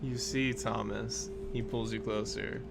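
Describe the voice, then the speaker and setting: A man's voice: lowish voice, little pitch movement, unhurried, creaky, noisy background. A man playing a sadistic pirate captain. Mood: scheming. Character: sadistic male pirate captain, menacing, calm.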